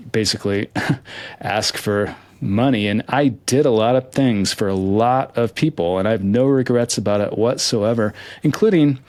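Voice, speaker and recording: A man with a fairly low voice speaks earnestly and a little hesitantly, restarting his thoughts as he answers interview questions. The sound is dry and close. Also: no room sound. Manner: earnest, hesitant, with many restarts and soft laughs. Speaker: interview guest, lottery winner. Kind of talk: candid reflective interview answers.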